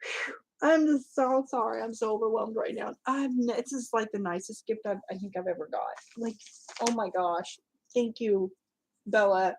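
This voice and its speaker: A woman's voice: fairly high pitch, fairly even intonation, normal speed, vocal fry, husky, low-quality recording. A woman hosting her crafting channel, unboxing a gift and chatting, gushing and exclaiming, often choked up and close to tears. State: tearful, choked up. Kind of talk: casual vlog unboxing chat.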